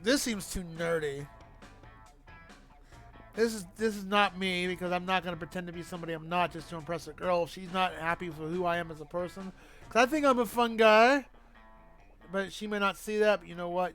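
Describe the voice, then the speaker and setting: A man's voice: high-pitched, brisk, fairly bright tone, soft background music. A man streaming a game, talking casually and playfully, swearing freely and laughing at the jokes. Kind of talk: casual gameplay commentary.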